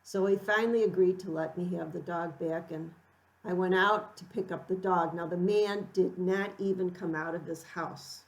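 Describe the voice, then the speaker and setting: A middle-aged woman telling a personal story in an unhurried, reflective way, acting out quoted lines with animated lift. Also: on the low side, rough recording.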